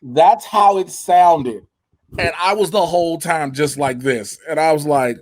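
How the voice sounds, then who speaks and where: A man's voice: fairly high pitch, unhurried, no room sound. A young man with a Chicago accent, a podcast host chatting casually over a video call, laughing and swearing as he tells stories. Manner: profane, laughing, animated storytelling. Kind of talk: casual chat.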